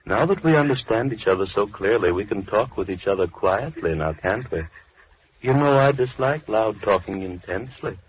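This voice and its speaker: An actor playing a lonely, menacing recluse in a 1940s radio drama, speaking slowly with cold, quiet politeness. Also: male voice, on the low side, lively intonation, lightly acted. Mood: gently sinister. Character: soft-spoken menacing lonely male recluse. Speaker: villain. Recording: dull, faintly hissy old radio broadcast.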